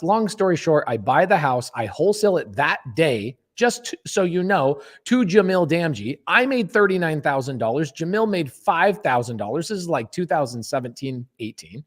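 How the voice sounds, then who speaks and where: A man's voice: a little high, very animated, normal speed, hardly any pauses. A man hosting a podcast, telling a story in a blunt, emphatic way and swearing freely. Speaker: podcast host. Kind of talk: casual storytelling.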